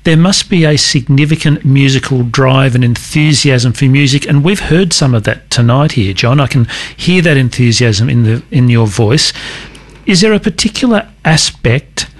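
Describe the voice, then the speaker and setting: A man interviewing musicians in an enthusiastic, chatty way. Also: medium pitch. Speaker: radio interviewer. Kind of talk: interview conversation.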